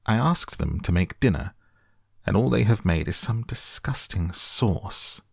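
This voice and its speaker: A man's voice: on the low side, expressive, a little slow, vocal fry, breathy edge, no room sound, studio quality, pitched above the performer's own voice, exaggerated voice. A man voicing a scheming villainous count with a scratchy, theatrical, bullying way of speaking in an audiobook. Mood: menacing. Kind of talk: audiobook character voice.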